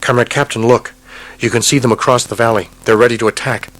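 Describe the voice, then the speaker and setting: A male narrator voicing a young Soviet lieutenant giving a brisk, earnest report from the front. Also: mid-range voice, steady tone, fairly bright tone, pitched above the performer's own voice, natural voice. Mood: urgent.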